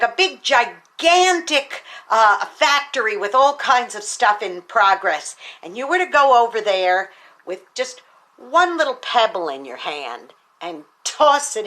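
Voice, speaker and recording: A woman's voice: fairly high pitch, sharp tone. A woman hosting an upbeat devotional talk, chatty and encouraging, with many fillers. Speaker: teacher and speaker hosting a devotional show.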